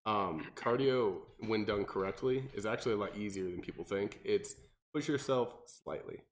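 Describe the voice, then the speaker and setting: A man's voice: moderate pace, slight background noise. A young man, a personal trainer, explaining workouts in casual podcast chat and acting out clients in mocking voices. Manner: animated, acts out clients with high mocking voices.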